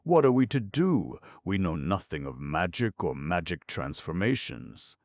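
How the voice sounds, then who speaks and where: A man's voice: extremely low pitch, unhurried, no echo, clean studio sound. A man doing a nervous royal ox. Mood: fearful. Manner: nervous and pleading. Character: timid fretful royal male ox.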